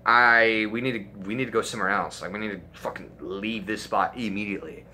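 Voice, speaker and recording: A young man with a sharp, bright voice tells a crude story in an animated, profanity-heavy storytime style. Faint room hiss sits under his voice. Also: on the low side, a little fast. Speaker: storytime YouTuber. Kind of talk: casual storytime.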